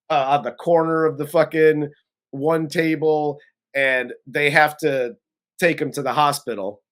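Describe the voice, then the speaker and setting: A man co-hosting a casual movie review, recapping the story bluntly and laughing often. He has a somewhat high voice and swears freely as he goes. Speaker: co-host of a movie review show. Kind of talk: casual chat, recapping a film plot.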